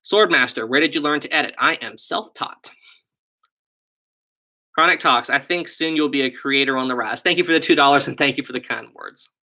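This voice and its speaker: A young West Virginian man hosts a casual live stream over a desk USB mic, his mid-range voice brisk, pushed and bright. He chats along, reading viewer questions, answering them and thinking out loud.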